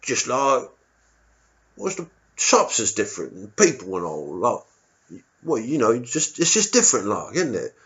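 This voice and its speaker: A man's voice: mid-range voice, huge pitch swings, unhurried, a bit bright, exaggerated voice. A man voicing a grumbling East London local who talks vaguely and repetitively, ending his lines with tag questions. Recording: dull lo-fi recording.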